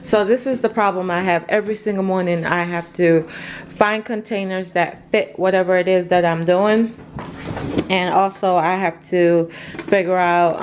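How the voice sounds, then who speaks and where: A woman from Jamaica hosting a casual family vlog at home, chatting in an unhurried way with many filler words. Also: fairly low pitch. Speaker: mother and family vlog host. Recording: noisy home recording.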